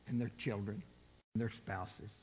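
A man's voice: on the low side, steady tone, a little slow, darkish tone, in a large hall, slight background noise. An older man preaching a sermon, putting rhetorical questions to his congregation.

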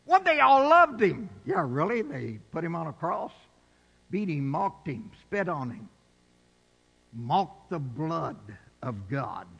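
Male pastor, slow deliberate sermon delivery, bright ringing tone, long hall reverb. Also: fairly high pitch, sing-song, vocal fry, slightly rough. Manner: emphatic, swells to shouted peaks. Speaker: preacher.

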